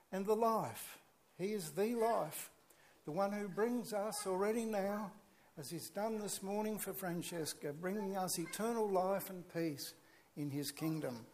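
A man's voice: sits high, unhurried, a little mellow. A man preaching a sermon, earnest and emphatic, with chatty asides to the congregation.

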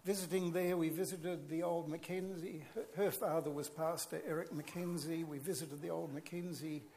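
A man's voice: a little high, steady tone, normal speed, a little mellow, a little hiss or hum. A man preaching a sermon, earnest and emphatic, with chatty asides to the congregation.

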